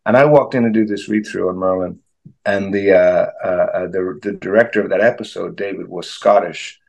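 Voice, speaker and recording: A man's voice: deep voice, fairly even intonation, a little fast, creaky. A man in his forties with an Irish accent, an actor guest telling stories in a casual interview with many restarts and repeated words. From Ireland. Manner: rambling, self-interrupting storyteller with frequent restarts.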